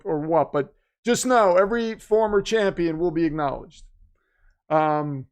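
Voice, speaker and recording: A man with a fairly high voice hosts a casual livestream, reading viewer messages aloud. He is talkative and keyed up with nervous energy, jumping from loud bursts to quiet asides. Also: clean tone. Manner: excitable, talkative, jumps between loud and quiet. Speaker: livestream host reading super chats.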